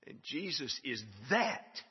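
A man's voice: a little high, very animated, takes it slowly, husky. A man preaching a sermon, emphatic and building to stressed repeated phrases. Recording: dull sound with long hall reverb.

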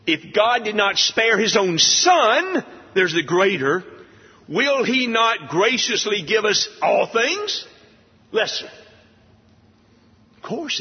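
A man preaching an expository sermon, emphatic and deliberate, firing off rhetorical questions. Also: high-pitched, slightly rough. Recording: dull lo-fi audio with long hall reverb.

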